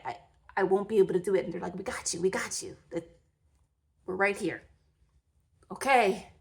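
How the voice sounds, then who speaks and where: A woman in her thirties telling her story in a storytime vlog, candid, emotional and blunt, with mild swearing. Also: lowish voice. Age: 30s. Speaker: vlogger.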